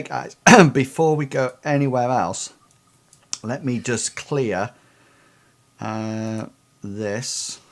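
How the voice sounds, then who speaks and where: Man as an unhurried, hesitant tabletop game master. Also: fairly low pitch. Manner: halting, full of ums and fillers.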